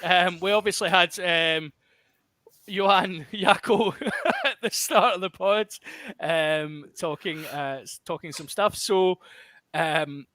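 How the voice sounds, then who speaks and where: A man's voice: high voice, takes it slowly, pushed and bright, no room sound. A Glaswegian man hosting a podcast in casual chat, jokey and self-mocking. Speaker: podcast host.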